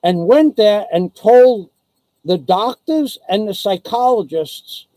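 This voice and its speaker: Man, angry profane rant, high-pitched for a man, dry close sound, taunting. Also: lively intonation, slow, dark tone, no room sound, poor audio. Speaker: vlogger. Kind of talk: angry ranting live stream. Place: living in the Philippines.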